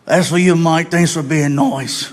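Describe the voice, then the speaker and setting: A man voicing a friendly, drunk Australian knife maker with a raspy, slurred voice like a drunk pirate underwater. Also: on the high side, fairly even intonation, unhurried, natural voice. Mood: sincere.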